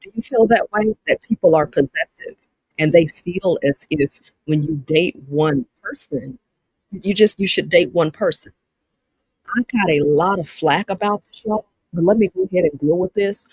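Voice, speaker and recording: A livestream host with a Southern US accent runs a live-streamed dating talk, reading viewer comments aloud and addressing viewers directly with lots of repetition. Her voice is lowish, a little mellow and husky, at a moderate pace. The low-quality recording has no room sound.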